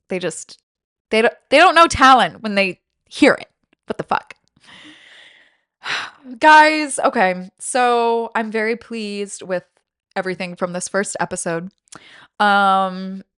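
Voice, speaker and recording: A woman hosts a comedy podcast, swearing freely and telling self-mocking stories with animated swings of energy. Her voice sits mid-range and sounds close and dry, with no room around it. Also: medium pitch, clean tone, no room sound. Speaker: podcast host. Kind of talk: casual comedy podcast chat.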